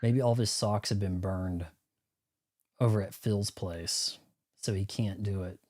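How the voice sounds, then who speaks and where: A man's voice: fairly low pitch, steady tone, unhurried, a little mellow. A man streaming live gameplay, rambling and cracking jokes as he plays, with game music behind him. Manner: rambling, joking asides while playing.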